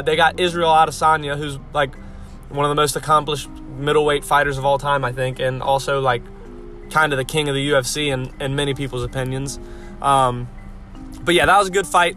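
A young man with a bright, forceful, slightly high voice rants bluntly and swears freely, rambling through fillers. He stops to sound out tricky names letter by letter, with faint music in the background. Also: flat delivery, fairly quick. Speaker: fight-sport vlogger. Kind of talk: casual profane rant.

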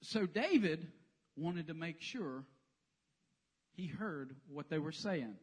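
Animated joking preacher man. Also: fairly high pitch, slow, husky. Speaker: pastor. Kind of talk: sermon. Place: church sanctuary.

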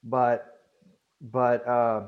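A man's voice: mid-range voice, flat delivery, drawn-out words, lo-fi sound. Easygoing man co-hosting a chat. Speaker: co-host. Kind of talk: casual chat.

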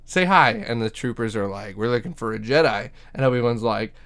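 A man's voice: fairly low pitch, brisk. A man retelling a show episode in casual chat, acting out the characters and laughing often. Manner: animated storyteller, acts out characters, laughs often, swears. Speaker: podcast co-host.

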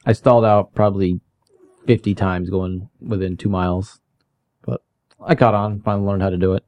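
A man's voice: low voice, level tone, moderate pace, darkish tone. A man chatting casually and telling a story from his working past. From California. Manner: storytelling, puts on voices when quoting people. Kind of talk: casual chat.

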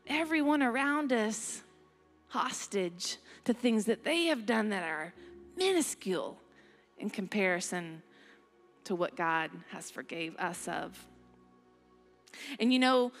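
A woman's voice: fairly high pitch, sharp tone. A middle-aged woman preaching a sermon in a conversational way, reading scripture aloud with playful asides. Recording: long hall reverb, faint music.

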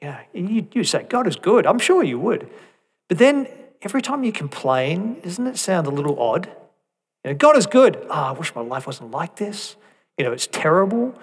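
A man delivers a sermon in a mid-pitched voice, talking to the congregation conversationally. He climbs to emphatic peaks, then drops to soft asides. He leans on rhetorical questions. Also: creaky. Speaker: preacher.

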